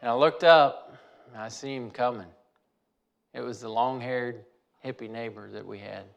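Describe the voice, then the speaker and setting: A man's voice: mid-range voice, normal speed, creaky. A man telling a personal story in a folksy way, repeating phrases for emphasis.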